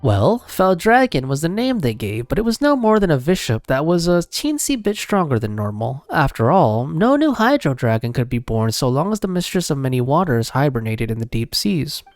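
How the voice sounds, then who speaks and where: A man voicing an old, formal male guide from an ancient underwater city, telling its history slowly and solemnly in a lowered voice. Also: big pitch swings, no room sound. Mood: explaining. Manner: low, slow, solemn storytelling.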